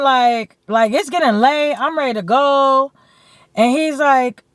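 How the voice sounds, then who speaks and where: A woman from California telling a story to her camera in a blunt, animated way, swearing freely and saying "like" often. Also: a little high, a little slow, dry recording. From San Bernardino, California. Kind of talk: casual storytime. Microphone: camera mic.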